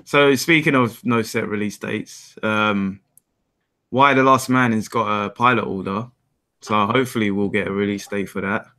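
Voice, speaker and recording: A man's voice: on the low side, fairly even intonation, moderate pace, bright, forceful tone. A man co-hosting a geek podcast, talking in a laid-back, agreeable way. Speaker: podcast co-host. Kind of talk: casual geek chat.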